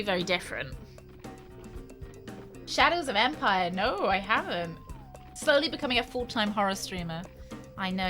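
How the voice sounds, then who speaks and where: A woman chatting casually on a live stream while playing a game, answering viewers' comments as she goes. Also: medium pitch. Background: game music.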